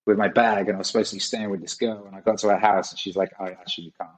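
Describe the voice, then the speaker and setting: A man's voice: fairly low pitch, flat delivery, racing, rough recording. A man in his forties, a guest on a podcast, telling rambling stories in a casual way and swearing often. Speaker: guest musician. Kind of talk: casual storytelling.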